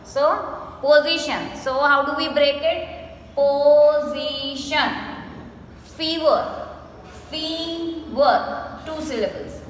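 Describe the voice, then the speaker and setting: Indian English woman, schoolteacher, high and bright, slow spelled-out delivery, echoey room, faint noise. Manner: slow, spells words letter by letter and stretches syllables. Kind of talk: recorded classroom lesson.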